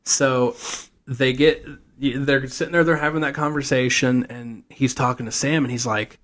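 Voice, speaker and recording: A man's voice: mid-range voice, fairly even intonation, normal speed, few pauses, fairly bright tone. Rambling man recapping a show. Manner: rambling storyteller, acts out characters' quotes. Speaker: podcast co-host. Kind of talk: casual podcast chat, recapping a TV show.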